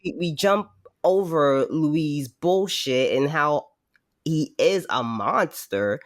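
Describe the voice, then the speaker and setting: Casting: excitable co-host, casual podcast banter, profane. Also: medium pitch, takes it slowly. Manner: swears freely, excited, animated. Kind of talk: casual chat.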